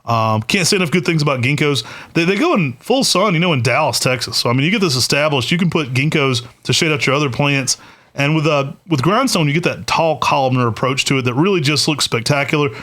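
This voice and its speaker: Upbeat guy cohosting a plant podcast, kinda high voice, lots of uhs. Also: animated, fairly quick, fairly bright tone. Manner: enthusiastic, with frequent "uh" fillers. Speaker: podcast co-host. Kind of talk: casual podcast chat.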